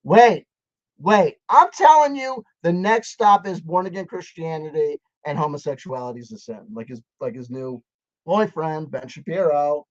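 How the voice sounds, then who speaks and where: A man's voice: fairly high pitch, moderate pace, dry recording. A man giving a sarcastic, profane, heated rant in reaction to a video. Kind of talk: ranting video commentary. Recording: dull, dry sound.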